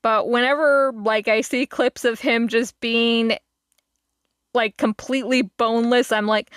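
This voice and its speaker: A woman's voice: a little high, steady tone, a little slow, a bit bright, smooth, no room sound, clean studio sound. A woman streamer chatting casually to her viewers, rambling with many fillers and laughing asides. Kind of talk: casual live-stream chat.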